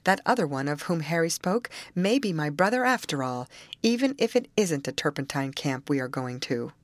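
A woman's voice: deep voice, animated, normal speed, dry recording. A woman voicing an anxious young woman who speaks in a wistful, earnest way. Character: anxious young woman longing for her brother.

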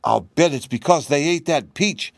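A man's voice: fairly high pitch, moderate pace, creaky, dry recording, studio quality, pitched above the performer's own voice. A man voicing a pert little female kitten in a storybook reading.

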